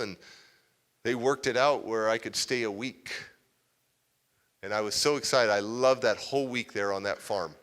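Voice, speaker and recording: A man giving a motivational talk in a large hall, telling a story in an animated way. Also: mid-range voice, moderate pace, long pauses. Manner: animated, acts out scenes. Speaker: motivational speaker. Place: large civic center hall, live audience.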